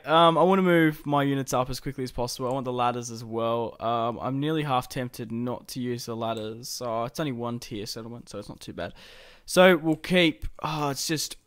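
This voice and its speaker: A man's voice: medium pitch, a bit bright, clear, resonant tone. A young man hosting a let's-play, casually talking through a strategy game, swearing and laughing as he plays. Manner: casual and chatty, swears and laughs while playing. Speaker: gaming channel host.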